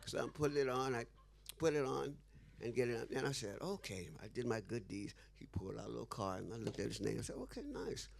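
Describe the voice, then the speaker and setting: A man's voice: medium pitch, fairly even intonation, fast talker, vocal fry, a little hiss or hum. A man being interviewed who tells a story with animation, acting out the dialogue and laughing often. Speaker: interview guest.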